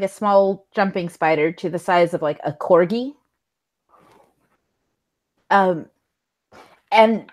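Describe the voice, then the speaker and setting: A woman runs a tabletop game, narrating in a casual, giggly way full of ums and restarts. Her pitch swings freely, and she takes her time getting the words out. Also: a little mellow, poor audio. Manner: giggly, with many fillers and restarts. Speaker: storyteller running the game.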